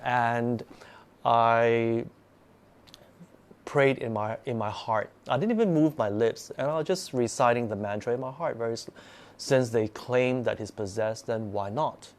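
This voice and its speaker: A man's voice: medium pitch, unhurried. A man hosting a live stream, telling his own ghost stories in a rambling way, full of restarts and sudden bursts of acting out.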